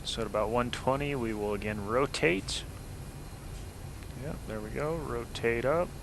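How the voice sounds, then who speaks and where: A man's voice: medium pitch, measured pace, creaky, background noise. A man hosting a casual flight simulator let's-play, chatting and explaining each step as he goes. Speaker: flight sim gameplay host.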